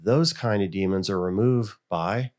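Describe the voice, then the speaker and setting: This middle-aged American school board member has a voice on the low side and a measured pace. Telling stories in a casual interview, he stays animated and mimics the voices he's quoting.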